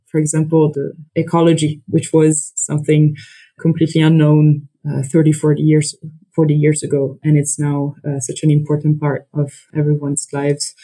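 A woman from Italy with an Italian accent, speaking as an economist guest in a podcast interview, thoughtful and halting with frequent restarts. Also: sits low, mellow, husky, rough recording.

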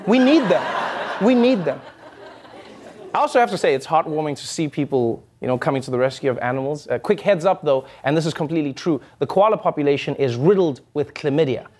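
A man's voice: on the high side, fast, few pauses, darkish tone. A man hosting a late-night comedy show, delivering a sarcastic monologue with jokes and asides. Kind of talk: comic monologue.

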